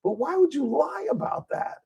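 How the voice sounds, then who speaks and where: A male radio talk show host chatting casually, telling a joke and letting his voice climb high on the punchlines. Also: normal speed, creaky, dull audio. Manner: animated storyteller, voice jumps high on punchlines.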